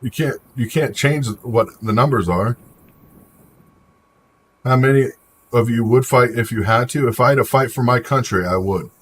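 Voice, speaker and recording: Speaking at medium pitch and normal speed, pausing often, a male livestream host chats casually and shares strong opinions. He answers viewer comments by name, and there's a little hiss or hum in the recording.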